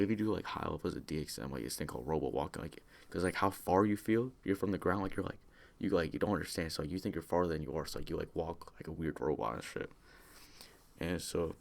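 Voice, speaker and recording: A man's voice: deep voice, vocal fry. A young man telling a rambling personal story in casual slang, full of fillers and restarts. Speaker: vlogger telling personal stories.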